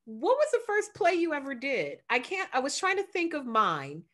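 A woman's voice: high voice, wildly swooping pitch, moderate pace, fairly bright tone. A woman from the United States, hosting an interview in a casual, chatty way and praising her guest. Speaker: interview host. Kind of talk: interview conversation.

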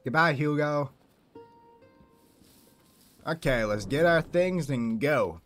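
A man's voice: a little high, takes it slowly, faint music behind. A man giving chatty, playful commentary over a video game recap. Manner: chatty, playful, lively asides. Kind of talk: casual commentary over gameplay.

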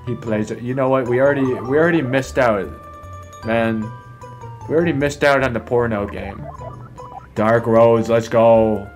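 A man's voice: mid-range voice, normal speed. Rambling, swearing man with game music. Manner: rambling, swears often, fills with "like"; laughs often while talking. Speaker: gaming video host. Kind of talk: casual gameplay commentary.

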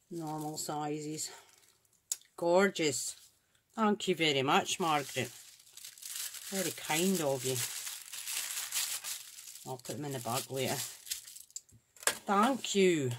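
A woman's voice: deep voice, a little hiss or hum. A Scottish woman hosting a crafts channel, chatting casually and gushing with admiration as she opens and looks over craft supplies. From Scotland. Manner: gushing, admiring, thinks aloud. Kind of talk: casual unboxing chat.

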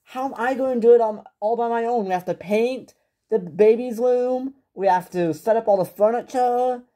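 A woman voicing a panicking young man about to become a father, frantic and high-strung in a toy-figure home drama. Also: moderate pace, dark tone, close to an everyday voice.

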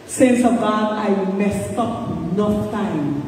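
A woman minister delivers a fervent sermon, circling back to the same phrases and calling out to the congregation. Her voice is mellow and unhurried. She is picked up from a distance in a long-echoing church hall with a faint hiss behind her. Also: mid-range voice, expressive. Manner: fervent repetitive preaching, calls out to the congregation. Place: church sanctuary. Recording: echoey hall, distant mic, faint noise.

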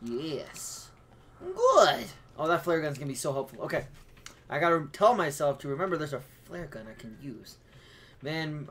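A young man giving casual, excitable gameplay commentary, talking to himself and yelping and shouting at enemies. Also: mid-range voice, a little hiss or hum. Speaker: gaming YouTuber.

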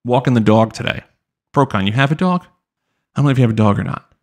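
On a live-streamed podcast, a young male host with a gravelly, medium-pitched voice talks fast. His casual chat drifts into rambling, animated stories full of fillers.

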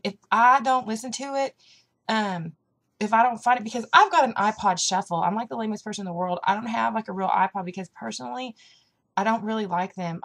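A woman's voice: mid-range voice, gravelly. Chatty young woman with a country twang. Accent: American Southern country. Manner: chatty and rambling, with lots of fillers. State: hyper from caffeine. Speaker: vlogger. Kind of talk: casual chat.

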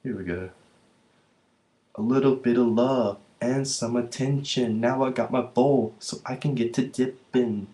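Slow-talking rambling vlogger man. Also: mid-range voice, fairly even intonation, warm tone. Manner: rambling, profane and slangy. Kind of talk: rambling casual monologue to camera.

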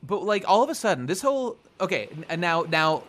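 A man's voice: high voice, sing-song, fairly quick, fairly bright tone, a little hiss or hum. A man co-hosting a podcast in casual chat, rambling and swearing as he recaps and acts out bits of the story. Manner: rambling, profane, acts out characters' lines. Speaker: podcast co-host.

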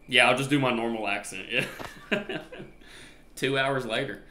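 A man with an American country accent, joking and chatting through a horror game as a streamer, loud when scared. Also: medium pitch, unhurried, long pauses, echoey room, slight background noise. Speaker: gaming streamer. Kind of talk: live gameplay commentary.

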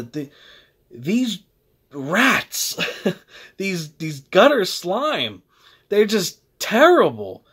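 Animated man ranting with lively pitch. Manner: blunt, animated, heated, self-interrupting. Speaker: host. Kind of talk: opinionated rant.

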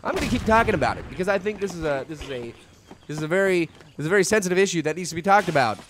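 A young man hosting a silly game commentary, tired and loopy, rambling from mumbles to loud outbursts. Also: high voice, expressive, racing, noisy background. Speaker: gaming video host. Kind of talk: silly let's-play commentary. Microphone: desk microphone.

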